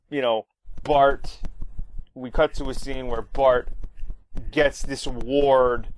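A man's voice: medium pitch, slight background noise, low-quality recording. Rambling man recapping an episode. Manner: rambling, heavy with fillers. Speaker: podcast host recapping an episode.

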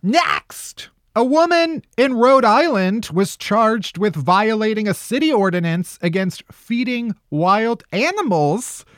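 A man's voice: high-pitched, very animated, slow, hardly any pauses, fairly bright tone, no room sound, clean studio sound. A man hosting a podcast, chatting and joking with many "like" fillers. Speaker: podcast host. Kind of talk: casual comedic podcast chat.

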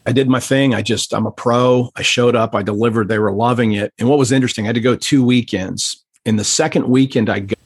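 Man, podcast guest, earnest, emotional, husky, dry. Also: medium pitch, steady tone, fast talker, hardly any pauses, no room sound. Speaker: podcast guest, pastor trainer. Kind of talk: conversational storytelling.

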